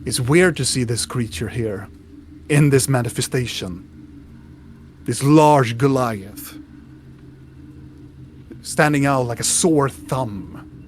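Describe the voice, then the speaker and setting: A man narrates as game master at an unhurried pace, painting each scene detail by detail. He often stops and restarts his sentences mid-thought. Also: medium pitch, a little hiss or hum. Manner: descriptive, with restarts.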